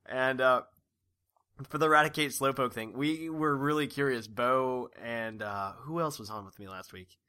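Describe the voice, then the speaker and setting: Chill podcast host guy, bright voice, rambles and laughs a lot. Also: mid-range voice, normal speed, clean tone. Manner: laid-back, rambling, laughs often. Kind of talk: casual chat.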